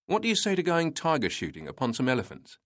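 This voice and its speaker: A man's voice: mid-range voice, expressive, measured pace, a bit bright, dry recording, clean studio sound. A man voicing a boastful, seasoned colonial police officer who lectures his junior in proverbs. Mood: condescending.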